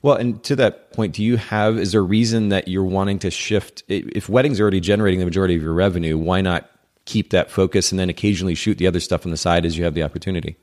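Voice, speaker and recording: A man's voice: deep voice, steady tone, fast talker, darkish tone. A man hosting a podcast, chatting casually with a guest on a video call and often restarting his sentences. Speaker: podcast host. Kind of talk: casual interview chat. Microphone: remote call with guest over Zoom.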